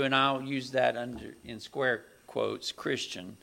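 Slow, bright-voiced male preacher. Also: steady tone, gravelly. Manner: slow, deliberate preaching that swells loud and high at its climaxes. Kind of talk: sermon.

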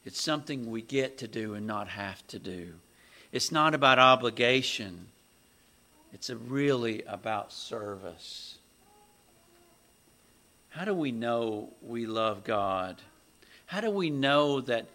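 A man preaching a sermon, talking slowly and deliberately and building to loud, raised passages. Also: animated. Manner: slow, deliberate preaching that swells loud and high at its climaxes.

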